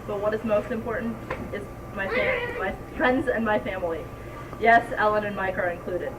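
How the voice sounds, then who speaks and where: A teenage girl gives a tearful, giggly thank-you speech, heard from a distance. Bowling alley noise hums clearly behind her. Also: mid-range voice, lively intonation, normal speed. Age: teens. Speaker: senior student speaker.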